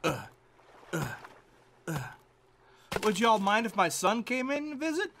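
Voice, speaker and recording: A middle-aged man talks over a survival game in a bright, fairly high voice that swings widely in pitch. He drawls slowly, mumbling fillers and remarks to himself. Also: big pitch swings, gravelly, slight background noise. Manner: mumbling fillers, muttering to himself, bursts of silly singing. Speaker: gameplay commentator. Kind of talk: casual let's-play commentary.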